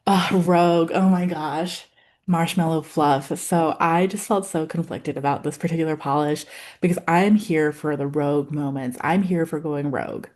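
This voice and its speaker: A woman's voice: low-pitched, fairly even intonation, normal speed, darkish tone. A woman vlogger chatting casually about nail polish, rambling with lots of fillers and openly emotional.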